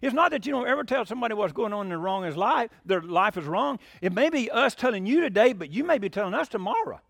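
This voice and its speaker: Folksy preacher, high voice. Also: male voice, sing-song, fast talker, fairly bright tone, no room sound, studio quality. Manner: folksy storytelling, asks congregation questions. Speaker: pastor. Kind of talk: sermon.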